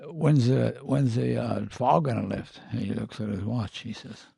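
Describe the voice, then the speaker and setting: A man's voice: mid-range voice, moderate pace, creaky, warm tone, breathy edge, dry recording. An older man who is a podcast guest, telling long rambling anecdotes full of fillers. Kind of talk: casual storytelling.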